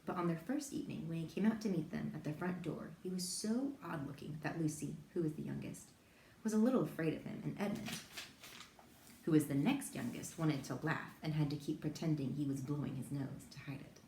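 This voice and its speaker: A woman reading a children's novel aloud, telling it gently and with lively voices for the children. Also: deep voice, brisk. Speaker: reader. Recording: echoey room, faint background hiss.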